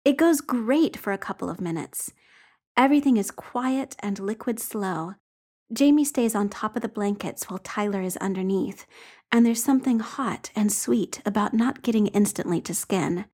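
A woman's voice: mid-range voice, moderate pace, darkish tone. A woman reading a story aloud with wry, conversational narration. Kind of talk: expressive audiobook narration.

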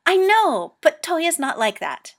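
A woman's voice: very high voice, very animated, takes it slowly, voice pushed up, heavily acted. A woman reading a story aloud and voicing a flustered, defensive teenage boy Go player who talks in raised, indignant bursts. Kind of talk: amateur audiobook reading.

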